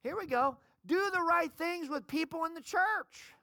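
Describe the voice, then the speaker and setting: A middle-aged woman pastor preaching a sermon, calling on the congregation to shout amen. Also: very high voice, unhurried, no room sound, studio quality. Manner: preaching, calls for amens from the congregation.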